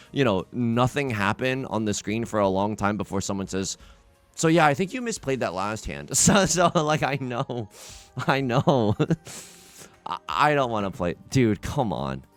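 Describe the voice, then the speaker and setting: A young man casually commenting on his own game play, rambling and self-mocking with frequent restarts. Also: mid-range voice. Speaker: let's play host.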